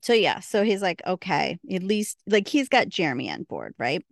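This woman co-hosts a podcast, casually recapping scenes and acting out quoted dialogue. Her fairly low, gravelly voice is very animated at normal speed, recorded at studio quality without echo.

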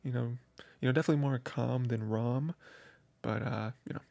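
Gravelly rambling man recapping anime. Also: mid-range voice, fairly even intonation, brisk, darkish tone, no room sound. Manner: rambling, filler-heavy, laughs while recounting. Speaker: anime review host.

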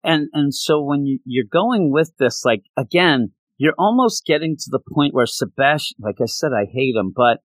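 Excitable rambling man, dry sound. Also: a little high, moderate pace, few pauses, dry recording. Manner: excited, rambling, many restarts. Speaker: podcast co-host. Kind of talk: casual chat about comics.

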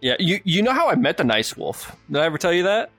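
A man's voice: high voice, big pitch swings, fast talker, a bit bright, faint music behind. Swearing, laughing podcast host, a man. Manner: rambling storyteller, swears freely, laughs often. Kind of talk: casual chat.

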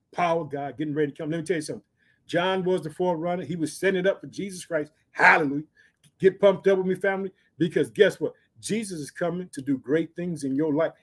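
A man preaching a sermon, reading scripture slowly and emphatically between quick, fired-up commentary that urges listeners on. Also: high-pitched. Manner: exhorting, repeats catchphrases.

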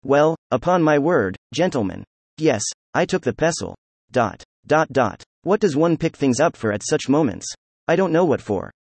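A man's voice: a little high, sing-song, moderate pace, gravelly, a little mellow, husky, no room sound, heavily acted. A man voicing a proud, hot-tempered young man who speaks in gloomy, defiant outbursts. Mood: exasperated.

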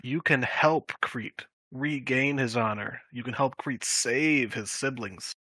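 A man's voice: mid-range voice, slow, bright, forceful tone, husky, no room sound, poor audio. A man playing a tabletop game, speaking persuasively in character, a little away from the mic. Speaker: player.

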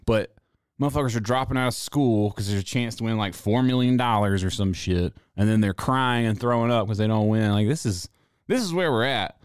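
A young man ranting on his stream in a low voice, sarcastic and swearing freely with drawling asides. The sound is dry and close, with no room echo. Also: brisk, clean tone. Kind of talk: casual profane rant.

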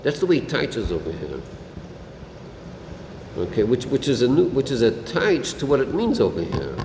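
Animated teacher man, echoey room. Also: mid-range voice, normal speed. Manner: animated, questioning, mixes English with Yiddish and Hebrew terms. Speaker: Torah teacher. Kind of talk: Talmudic-style lesson with students. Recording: echoey room, faint air conditioning hum.

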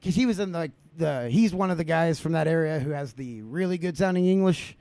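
A man's voice: on the high side, a little fast, gravelly, mellow, no room sound. A man hosting a comedy podcast, ranting casually with profanity and many restarts. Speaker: podcast host.

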